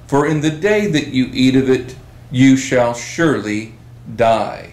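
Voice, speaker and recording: A man teaching a Bible study session, reading scripture aloud slowly and with emphasis. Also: mid-range voice, echoey room, low-quality recording.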